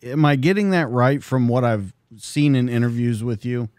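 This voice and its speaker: A male podcast host asking direct, measured interview questions into a close studio mic. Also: medium pitch, darkish tone, no room sound.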